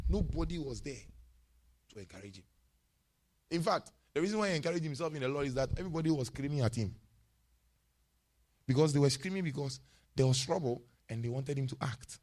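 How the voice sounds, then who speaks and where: A male pastor delivers a sermon in a fairly high voice, pressing his points home with emphatic repetition. He keeps turning to his congregation with questions to hold them with him. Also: expressive, brisk, long pauses.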